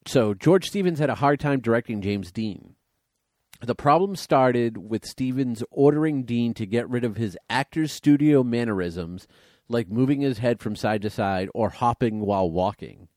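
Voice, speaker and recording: A man's voice: mid-range voice, moderate pace, a little mellow, dry recording, studio quality. A man co-hosting a casual movie podcast, rambling a little and reading trivia aloud. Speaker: podcast co-host.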